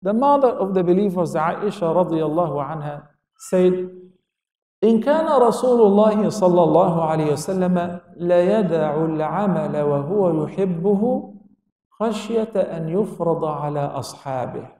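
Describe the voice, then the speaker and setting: A man's voice: high voice, expressive, quick pace, dark tone. A man giving a religious lecture to an audience, asking questions and answering them himself, with quotations in Arabic. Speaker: Islamic lecturer. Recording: echoey hall, speaker far from mic.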